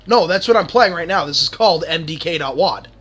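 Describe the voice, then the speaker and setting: Streamer man, bright and slightly high voice, sardonic swearing banter, faint music behind. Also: lively intonation, brisk. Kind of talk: casual gaming chat.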